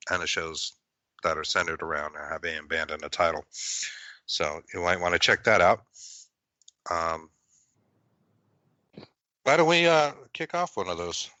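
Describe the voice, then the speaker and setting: A man's voice: low-pitched, bright, forceful tone, dry recording. A man from Massachusetts hosting a paranormal podcast in casual chat, rambling with lots of fillers. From Massachusetts, USA. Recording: dull, lo-fi, dry.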